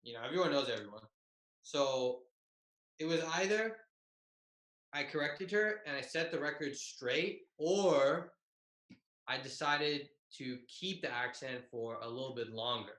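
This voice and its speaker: A man's voice: medium pitch, measured pace, fairly bright tone, reverberant, rough recording. A young man and comedian telling a tag-team story in a loose, profane, self-mocking way over a video call. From Bay Area, California.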